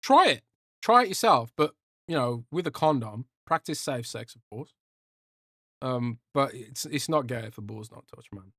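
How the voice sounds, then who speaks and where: A man's voice: medium pitch, animated, moderate pace, fairly bright tone, no room sound, clean studio sound. A young man hosting a casual livestream podcast, joking and rambling as he reads out chat. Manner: rambling, joking, swears a lot, trails off. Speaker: podcast host reading live chat.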